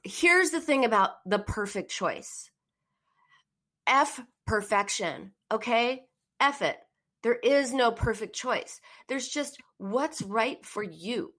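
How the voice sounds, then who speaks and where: A woman's voice: on the high side, lively intonation, takes it slowly, a bit bright. A middle-aged woman hosting a call-in live stream as a therapist, talking in an earnest, encouraging way. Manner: earnest and encouraging, acts out emotional phrases. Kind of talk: casual live-stream advice talk.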